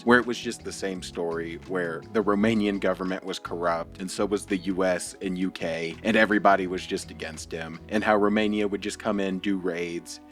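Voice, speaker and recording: Man, commentary host, sarcastic, casual, lowish voice, faint background music.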